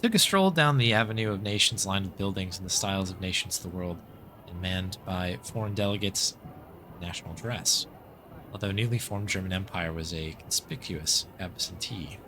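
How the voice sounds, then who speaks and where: A man's voice: sits low, moderate pace, background noise. American man streaming, reading game text. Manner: reads narration aloud, thanks subscribers, chatty asides. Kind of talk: casual game commentary, reading story text aloud.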